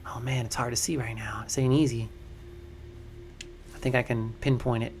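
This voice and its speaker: A young man chatting excitedly to his viewers while building in a game, slangy and easily distracted. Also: mid-range voice, moderate pace, slight background noise. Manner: chatty, hyped, slangy, talks to chat as crew. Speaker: game streamer. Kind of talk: casual livestream commentary.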